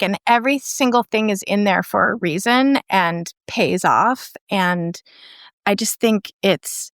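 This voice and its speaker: A woman's voice: mid-range voice, a bit bright, no room sound, studio quality. A woman filmmaker, a podcast guest, retelling a film plot in casual chat and filling it with "like".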